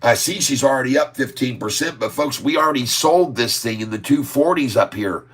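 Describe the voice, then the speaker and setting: Excitable man calling live stock charts. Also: mid-range voice, brisk, slightly rough. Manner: excitable, hypes moves, calls viewers folks. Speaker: stock market channel host.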